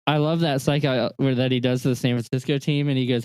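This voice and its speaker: A man's voice: medium pitch, steady tone, fast, a little mellow, clean tone, no echo. A man in casual chat, joking and laughing readily.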